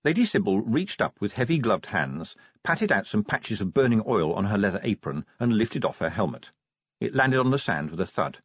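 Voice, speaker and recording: A low, husky male voice narrates an audiobook with wry drama, his pitch rising and falling in lively curves. The recording is dry and close, with a slightly dull, muffled top end. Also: normal speed, dry recording. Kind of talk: scripted narration.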